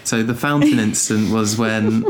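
A man's voice: lowish voice, moderate pace, slight background noise. Laid-back young British man. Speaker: podcast co-host. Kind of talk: casual chat.

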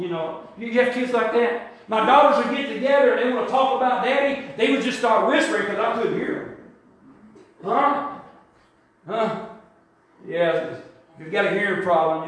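An older man preaching a testimony sermon, his voice pitched unusually high for a man. His words boom around a very echoey church hall, and he builds from quiet storytelling into shouted praise. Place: church sanctuary.

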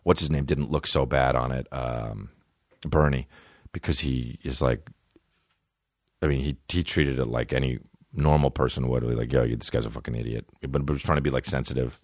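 A man hosting a solo comedy podcast, rambling and swearing as he riffs, bursting into quick mock voices. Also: very deep voice, fairly even intonation, a little mellow, no echo, clean studio sound. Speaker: podcast host. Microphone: phone.

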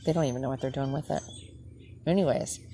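A woman's voice: very deep voice, quick pace, warm tone, a little hiss or hum. A middle-aged woman and former nurse, from the northern US, telling a story in a rambling, indignant monologue that keeps correcting itself. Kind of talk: casual monologue.

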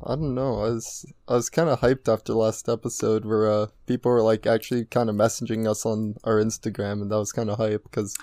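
A man's voice: lowish voice, flat delivery, a little fast, few pauses, darkish tone, no room sound, clean studio sound. A man co-hosting a podcast, joking in an easygoing, casual late-night chat. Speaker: podcast co-host.

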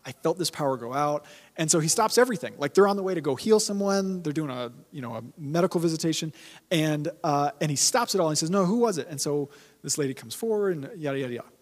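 Male pastor, sermon, fairly high voice, casual emphatic delivery, long hall reverb. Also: fast. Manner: conversational, emphatic preaching with repetition.

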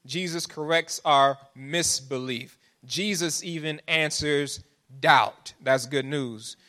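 Preacher guy, high bright voice, preaching and asking the crowd stuff. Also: takes it slowly. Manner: preaching with rising, pleading intensity and call-and-response asides. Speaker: pastor. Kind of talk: sermon.

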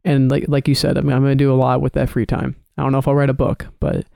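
A college-age man co-hosting a podcast, talking casually and relaxed, often repeating a word as he starts a sentence, recorded on a home microphone. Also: medium pitch, quick pace, vocal fry, no echo, clean studio sound. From Chicago area. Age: early 20s. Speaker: podcast co-host. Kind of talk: casual chat.

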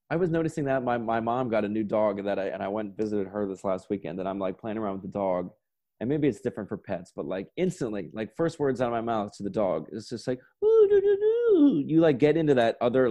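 A man's voice: fairly low pitch, mellow. A young man in his twenties, a sketch comedian guest, telling stories in a loose, rambling way with lots of "like" and swearing. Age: 20s. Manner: laid-back, rambling, peppered with "like" and swearing. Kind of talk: casual storytelling chat.

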